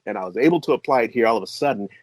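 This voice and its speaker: Excitable middle-aged man telling stories. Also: racing, no room sound. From American Midwest. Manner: excitable, laughs often, jumps to high pitch when excited. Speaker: interview guest, composer and voice artist. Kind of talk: animated storytelling in conversation.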